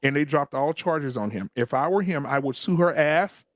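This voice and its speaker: A middle-aged man co-hosting a podcast, telling stories in a blunt, profane, animated way. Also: fairly high pitch, moderate pace, dry recording. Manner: blunt, profane, animated storytelling with acted quotes. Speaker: podcast co-host. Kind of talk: casual group chat, storytelling.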